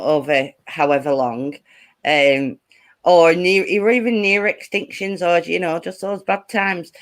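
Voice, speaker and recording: A speaker with a Lancashire accent from northwest England, telling a story as a guest in a casual chat. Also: mid-range voice. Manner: lively anecdote-telling, many fillers.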